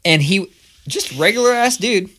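A man's voice: high voice, normal speed. A man co-hosting a podcast, chatting casually and ranting with lots of swearing. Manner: profane, animated ranting storyteller. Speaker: podcast co-host. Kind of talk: casual chat. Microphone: studio microphone.

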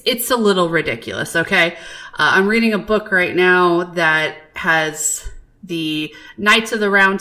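A woman co-hosting a podcast, chatting casually and telling stories in an animated, profane way. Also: lowish voice. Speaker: podcast co-host. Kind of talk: casual chat.

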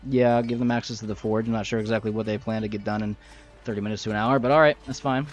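A man's voice: lowish voice, steady tone, quick pace, lightly acted. A man voicing a matter-of-fact fantasy king who agrees to grant access to a forge, in a slightly muffled recording. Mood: obliging.

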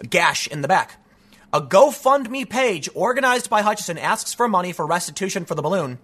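A man's voice: high-pitched, fairly bright tone. A man giving an emphatic news commentary, reading out reports and then ranting in casual, repetitive phrases. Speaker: political commentator.

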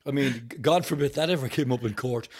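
A man's voice: medium pitch, quick pace. A middle-aged man with a Dublin Irish accent, chatting as a podcast guest and telling stories full of swearing and laughter. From Ireland. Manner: swears freely, laughs often, animated storytelling. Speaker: podcast guest, rock singer. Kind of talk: casual chat.

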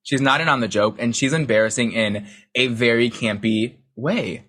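A man's voice: mid-range voice, moderate pace, fairly bright tone, husky. A man chatting casually about TV, sassy and emphatic in a campy way. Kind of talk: casual chat about reality TV.

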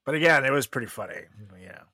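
A man's voice: medium pitch, expressive, very fast, sharp tone, no echo. A young man co-hosting a podcast in casual chat, joking and laughing, often mimicking other voices. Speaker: podcast co-host.

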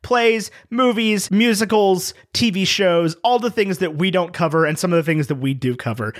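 A man's voice: sits high, normal speed. A man hosting a podcast in casual chat, jokey and self-deprecating. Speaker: podcast host.

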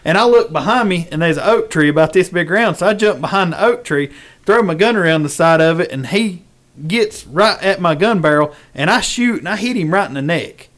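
A man tells a story in a lively rural drawl, now and then calling his listeners "son". His voice sits a bit high for a man. He hosts a relaxed, casual chat. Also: brisk.

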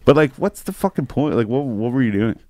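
A man's voice: medium pitch, animated, fairly quick, dark tone, dry recording. A man in casual chat, rambling and swearing, often acting out what people said. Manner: rambling, profane, acts out quotes.

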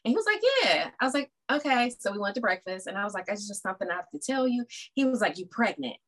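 A woman's voice: medium pitch, fast talker. A woman guest telling her story in casual conversation, acting out what her family said. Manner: animated, acts out family members' voices. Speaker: podcast guest.

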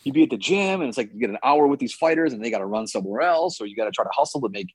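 A man's voice: medium pitch, lively intonation, very fast, husky, dry recording. A man who trains fighters, chatting casually on a podcast, rambling and swearing now and then with lots of "like" and "you know".

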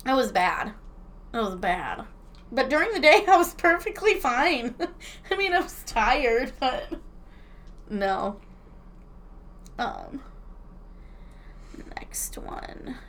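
A woman in her thirties talks in an easygoing chat, a little higher-pitched than most. She laughs often and swears freely, telling stories with animated energy. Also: slow, long pauses. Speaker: podcast co-host. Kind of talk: casual chat, reading listener letters.

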